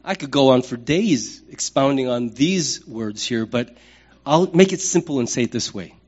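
A middle-aged man preaching a sermon as pastor, conversational and humorous, with lively acted-out asides. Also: medium pitch, moderate pace, breathy edge, dull audio.

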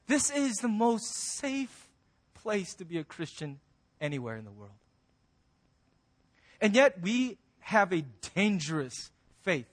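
A high-pitched man preaching as a pastor. He is emphatic and wry, swinging between loud, punchy lines and quiet, soft endings. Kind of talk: sermon.

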